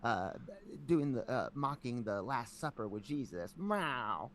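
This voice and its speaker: A man co-hosting a podcast in casual chat, telling animated stories with lots of "like" and acting out his family. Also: medium pitch, a little slow, a little hiss or hum. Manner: animated storyteller, lots of "like", acts out family members. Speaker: podcast co-host.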